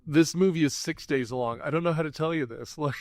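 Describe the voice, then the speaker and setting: Animated joking man, higher voice. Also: fairly quick, dry recording. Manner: animated, joking, rambling recaps. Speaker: podcast co-host. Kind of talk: casual movie-review chat.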